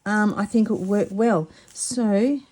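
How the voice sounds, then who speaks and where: A woman, chatting casually and excitedly while showing a craft project, often stumbling over her words. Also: mid-range voice, measured pace. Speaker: craft vlogger.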